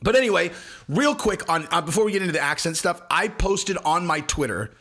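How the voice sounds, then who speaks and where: A man's voice: high-pitched, expressive, fairly quick, a bit bright, faint music behind. A man ranting casually to camera as an online commentator, rambling and crude, often cutting himself off mid-sentence. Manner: rambling, crude, self-interrupting. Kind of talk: casual video rant.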